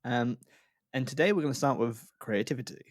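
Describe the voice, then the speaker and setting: A man's voice: medium pitch, fairly quick, no room sound, studio quality. A man co-hosting a comedy podcast, chatting playfully with rambling jokes. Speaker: podcast co-host. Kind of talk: comedic casual chat.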